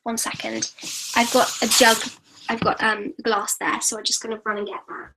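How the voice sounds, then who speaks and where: A woman's voice: a little high, flat delivery, normal speed, vocal fry, background noise. A teenage girl, chatty and apologetic, hosting a live-stream Q&A and reading out viewer comments. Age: teens. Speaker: YouTube host.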